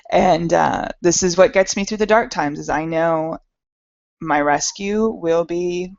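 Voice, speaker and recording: A middle-aged woman giving a candid, self-deprecating personal talk to an audience, speaking in halting phrases with restarts. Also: on the low side, vocal fry. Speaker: speaker at an entrepreneur meetup. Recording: dull lo-fi recording.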